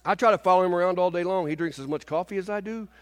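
A man in his fifties preaching a sermon in a church service, animated and often asking the congregation "Amen?". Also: high-pitched, racing, big-room sound. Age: 50s.

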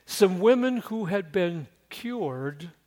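Male pastor, high voice, unhurried delivery; dramatic storyteller who acts out the scene and questions the congregation. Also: animated, a little mellow. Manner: dramatic storytelling, acting out quotes; conversational, asks the listeners questions. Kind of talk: sermon.

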